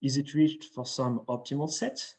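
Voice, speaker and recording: A young man from France presents a mathematics lecture over a video call. His delivery is careful and halting, full of restarts as he works through each idea. His voice sits at a medium pitch. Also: fairly even intonation, a little mellow, poor audio. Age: young adult. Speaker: invited speaker at a math seminar. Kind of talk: academic lecture.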